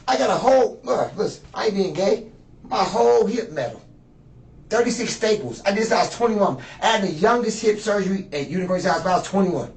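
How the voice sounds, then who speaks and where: Rambling profane man in echoey room. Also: high-pitched. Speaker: suspect being questioned. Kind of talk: rambling interrogation talk. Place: interrogation room. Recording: echoey room, distant mic, faint noise.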